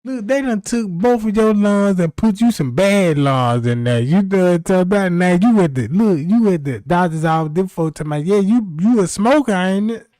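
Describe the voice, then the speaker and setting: A male livestream host tells loose, profane, rambling comedic stories, often checking in with listeners and asking "you know what I'm talking about." His high voice is animated, a little mellow and brisk, with few pauses. The sound is clean studio audio with no room sound.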